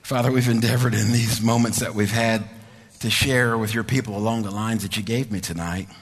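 A man's voice: lowish voice, steady tone, brisk, slightly rough. A man preaching a sermon, telling a story with fervor and leading a prayer in a church. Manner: fervent storytelling, then quiet prayer. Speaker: pastor.

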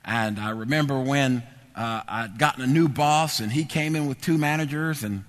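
A man's voice: medium pitch, normal speed. A middle-aged man preaching and telling a personal testimony, emphatic and repetitive. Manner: emphatic, repetitive, animated storyteller. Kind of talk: sermon testimony storytelling. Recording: echoey hall reverb.

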